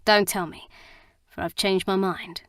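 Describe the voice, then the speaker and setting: A woman reading the part of a blunt, teasing young husband in an audiobook, in a gruff, frank manner and dry sound. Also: medium pitch, steady tone, measured pace, a bit bright, dry recording, lightly acted.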